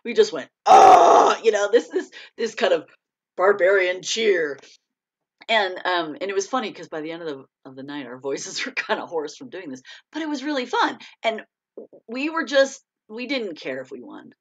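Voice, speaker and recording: Animated American woman telling a story. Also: lowish voice, normal speed. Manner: animated, laughs often, excited bursts. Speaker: author hosting a live chat. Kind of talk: casual storytelling to a live audience. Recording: dull lo-fi stream audio.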